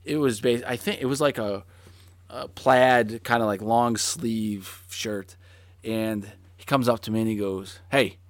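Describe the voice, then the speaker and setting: A man in his forties telling a story in casual chat, animated, with lots of fillers and swearing. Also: fairly low pitch, unhurried, no echo.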